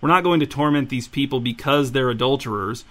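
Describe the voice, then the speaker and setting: A man's voice: medium pitch, fairly quick, a bit bright, lightly acted. A man reading the part of a scheming teenage boy who leads his friends, with a clipped, insistent delivery. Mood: calm, scheming. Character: scheming teen boy ringleader, cold and commanding.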